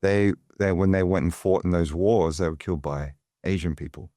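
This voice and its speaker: This is an Australian man with a fairly low voice, talking casually as a guest on an interview show. He rambles a little and leans on fillers as he tells his story. The sound is dry and close, with no room echo. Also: normal speed, warm tone. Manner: chatty, digressive, many fillers. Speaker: guest, financial advisor.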